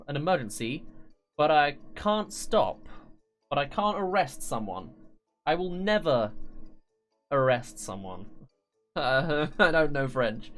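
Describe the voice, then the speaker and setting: A man streaming a game, talking in a loose, rambling way. He trips over his words and breaks into laughter often. Faint game music plays softly underneath his voice. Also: fairly high pitch, lively intonation, normal speed. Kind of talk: live-stream gameplay commentary.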